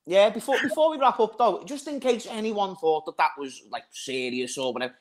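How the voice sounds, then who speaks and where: A man's voice: sits high, expressive, fairly quick, a crowd in the background. A man with a Liverpool accent, a guest on a casual football chat show, chatty and full of banter. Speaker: guest pundit.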